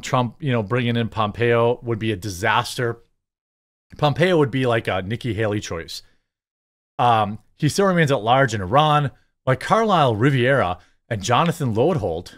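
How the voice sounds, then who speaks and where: A man's voice: mid-range voice, expressive, moderate pace, a bit bright. A man hosting his own channel, giving sarcastic, rambling political commentary. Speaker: host.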